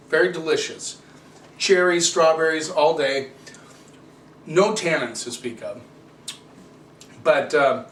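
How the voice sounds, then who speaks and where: A man's voice: a little high, a bit bright. Opinionated man reviewing wine, echoey room. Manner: opinionated, chatty, rants with rhetorical questions. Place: home room with cameraman. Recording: echoey room, distant camera mic, faint hiss.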